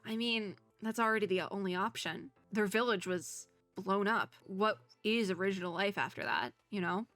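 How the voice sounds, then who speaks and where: Chatty woman streamer, giggly, bright, close dry sound. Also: mid-range voice, moderate pace, few pauses, dry recording, faint music behind. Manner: chatty, filler-heavy, giggly. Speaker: VTuber streamer. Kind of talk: casual gameplay commentary.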